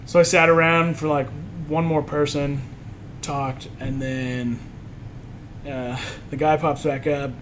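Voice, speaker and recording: A man's voice: on the high side, slow, noisy background. Chatty man telling a story. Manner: animated storytelling, acts out quotes. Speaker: podcast co-host. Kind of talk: casual chat.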